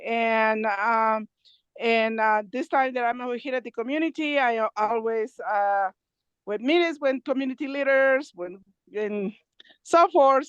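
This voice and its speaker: A woman, out of breath, calling in by phone from the mountains, laughing often and talking in halting bursts. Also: sits high, clear, resonant tone, no echo. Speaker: nonprofit co-founder giving a remote update. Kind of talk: casual talk over a video call. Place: outdoors in the mountains. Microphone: phone on a video call. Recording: dull lo-fi video call audio.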